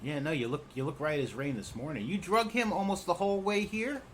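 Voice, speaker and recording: A man voicing a friendly, sociable male halfling in a tabletop role-playing game, speaking with eager warmth. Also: fairly high pitch, fairly quick, a little hiss or hum, pitched above the performer's own voice, lightly acted.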